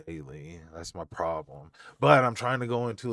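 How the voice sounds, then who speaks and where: A man's voice: medium pitch, big pitch swings, moderate pace, hardly any pauses, pushed and bright, no echo, clean studio sound. A young adult man hosting a live stream from home, reading chat aloud and talking in a loose, slangy way with frequent laughs.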